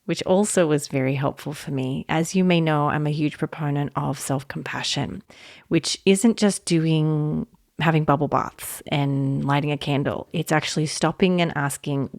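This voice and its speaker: A woman hosting a solo podcast, talking in a gentle, reflective way and laughing often. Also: deep voice, normal speed, dry recording, studio quality. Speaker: podcast host.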